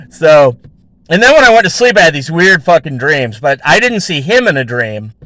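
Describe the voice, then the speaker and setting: A man's voice: a little high, very animated, measured pace, bright, forceful tone, dry recording. A man hosting his own show, telling a story in a rambling, casual way with heavy swearing and lots of fillers. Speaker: show host.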